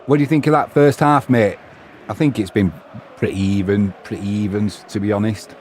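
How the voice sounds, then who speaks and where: English guy, middle-aged, lowish voice, chatty stream host bantering with chat. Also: fairly even intonation, moderate pace, a little mellow, a little hiss or hum. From England. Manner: chatty, bantering, reads viewer messages aloud. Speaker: live match commentator and stream host. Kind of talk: casual live-stream commentary with chat banter.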